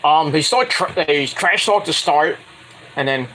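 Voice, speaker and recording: A man's voice: on the high side, a little slow, sharp tone, slight background noise, rough recording. A young man giving a crude, jokey, casual recap of a wrestling show, with loose play-by-play full of fillers.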